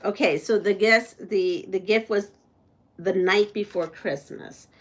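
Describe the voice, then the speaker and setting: A woman hosting a quilting live stream, thinking aloud as she sews and reads out trivia questions. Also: medium pitch. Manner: slow, thinking aloud while sewing, reading trivia questions. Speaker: quilting channel host.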